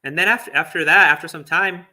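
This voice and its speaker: A man's voice: fairly high pitch, brisk, sharp tone. A man who is a Buddhist monk telling a personal story in a chatty way, with fillers and small laughs. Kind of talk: casual storytelling talk.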